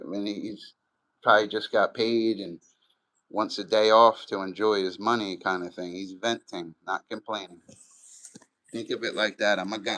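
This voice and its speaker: Middle-aged male streamer, low voice, casual and profane, rambles as he answers chat. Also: fairly even intonation, moderate pace, fairly bright tone, rough recording. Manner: loose, profane, rambling and chatty. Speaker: live streamer.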